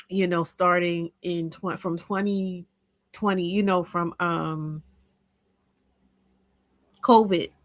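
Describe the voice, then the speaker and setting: Woman host, lowish voice, loose heartfelt live-room chat, dry close sound. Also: gravelly, no room sound. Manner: rambling, heartfelt, many restarts and fillers. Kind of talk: informal live chat with listeners.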